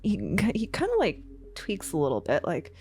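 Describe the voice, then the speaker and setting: A woman narrating a tabletop game as game master in a chatty, animated way. Her fairly low voice swings widely in pitch as she jokes with the players. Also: normal speed, husky.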